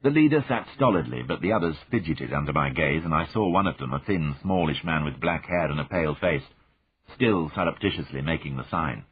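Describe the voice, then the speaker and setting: A man narrating a novel in the first person, with measured, observant storytelling. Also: rumbling low, lively intonation, a little hiss or hum. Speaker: audiobook narrator. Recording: phone-like narrow band.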